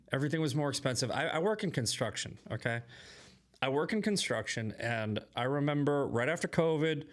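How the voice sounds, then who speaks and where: A man hosting casual political commentary, blunt and conversational, often checking in with "okay". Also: medium pitch. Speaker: host.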